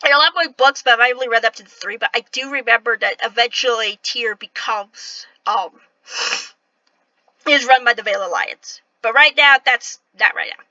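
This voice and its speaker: Thirtysomething woman rambling over a let's play, high sharp voice, swears a bit, dry dull mic. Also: normal speed, no echo. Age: 30s. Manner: chatty, swears, clears throat and apologizes often. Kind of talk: casual gameplay commentary.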